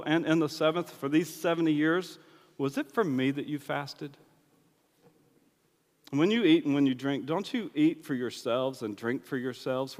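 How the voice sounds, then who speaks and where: A man preaching a sermon in a loose, conversational way, acting out bits of dialogue. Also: a little high. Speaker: pastor. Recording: long hall reverb.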